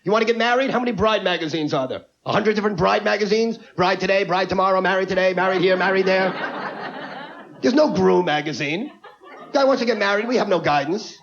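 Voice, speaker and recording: A man's voice: high voice, gravelly, noisy background. A man doing a brash, ranting stand-up comedy set on stage before a live audience. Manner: brash, rapid-fire, ranting. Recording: lo-fi TV broadcast with audience.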